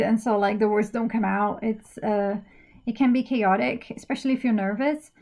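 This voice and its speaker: A woman's voice: fairly high pitch, darkish tone. A woman teaching an English speaking-exam lesson, explaining practice steps patiently with frequent ums and uhs. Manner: patient, step-by-step instruction with many fillers.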